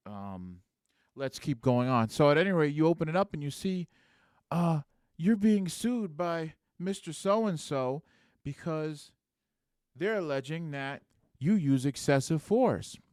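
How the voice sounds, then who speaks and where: Smooth-voiced man hosting a podcast. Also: on the high side, darkish tone, no echo, clean studio sound. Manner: conversational, rhetorical "right?" asides. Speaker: podcast host. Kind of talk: casual podcast talk.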